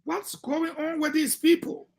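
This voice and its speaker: A man's voice: very high-pitched, level tone, unhurried, gravelly. A man with a Liberian English accent giving emphatic commentary on a call-in radio show, repeating his points for weight.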